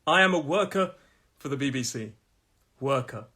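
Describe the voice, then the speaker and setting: A middle-aged man from England, a pronunciation teacher in a live lesson, chatty and repeating words slowly as his voice starts to go. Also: mid-range voice, expressive, bright, forceful tone. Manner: chatty, repeats each word slowly, laughs at own jokes. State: losing his voice.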